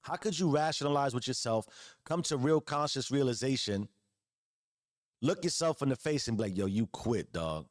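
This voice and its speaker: A man's voice: medium pitch, moderate pace, no echo, clean studio sound. A man in his forties giving an earnest motivational monologue as host, preaching with casual slang and repeated phrases. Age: 40s. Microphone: close podcast mic.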